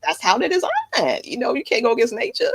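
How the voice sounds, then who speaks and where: A woman telling a story in casual live-stream chat, animated and acting out the voices of the people in it. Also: fairly high pitch, brisk, breathy edge, dry recording.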